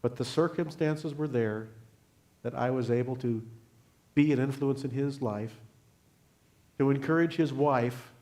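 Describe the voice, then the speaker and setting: An older man, a guest speaker at a church, telling a personal faith story in an earnest, unhurried way and closing in prayer. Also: mid-range voice, a little mellow. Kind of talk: sermon testimony.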